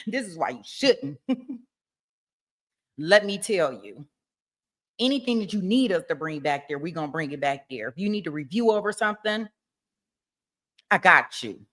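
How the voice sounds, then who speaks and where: Pushy courtroom prosecutor giving his closing, slow and emphatic, with a lowish voice, put on by a woman. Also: big pitch swings, a bit bright, full character voice. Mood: insistent.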